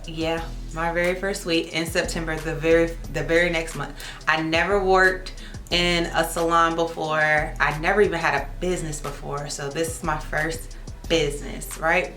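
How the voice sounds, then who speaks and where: Speaking at a normal speed, a young woman who works as a licensed esthetician and lash artist chats casually to camera, poking fun at herself and calling viewers y'all. Her voice is low and fairly bright, with little pitch movement. An echoey room and faint music surround her.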